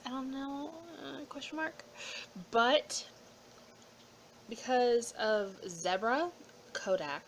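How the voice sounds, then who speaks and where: A woman's voice: a little high, slight background noise, rough recording. Rambling emotional woman vlogger. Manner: emotional, rambling, drifting into whispers. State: holding back tears. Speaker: YouTuber. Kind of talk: casual vlog update.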